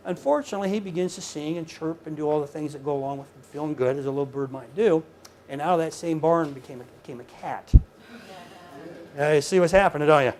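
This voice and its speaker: A man giving a conversational lecture to a live audience, earnest and full of stories, dropping to a hush and then rising loud. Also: fairly high pitch, lively intonation, brisk. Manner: earnest, storytelling, swings from hushed to loud. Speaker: lecturer at professional workshop.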